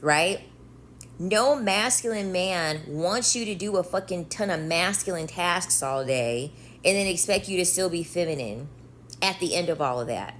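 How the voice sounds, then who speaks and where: A woman's voice: lowish voice, animated, measured pace, fairly bright tone, slight background noise. A woman giving her dating opinions in a confident, matter-of-fact, lecturing way.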